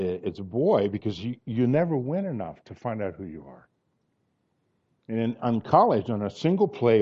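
A man's voice: medium pitch, lo-fi sound. A man in his sixties preaching a sermon, telling personal stories and acting out the dialogue in them with earnest conviction. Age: 60s.

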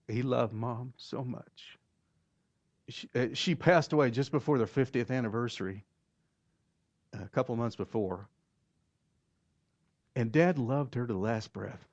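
A man with an Oklahoma accent tells stories from the pulpit in a folksy, halting manner, doubling back on his words. His voice sits at an ordinary pitch. The recording is dull and lo-fi, with a dry sound and no room echo. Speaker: pastor. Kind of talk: storytelling sermon.

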